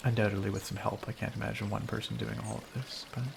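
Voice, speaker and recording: A man's voice: on the low side, flat delivery, fast talker, creaky, noisy background. A man casually chatting and laughing as he streams a game, rambling between thoughts. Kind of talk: casual gameplay commentary.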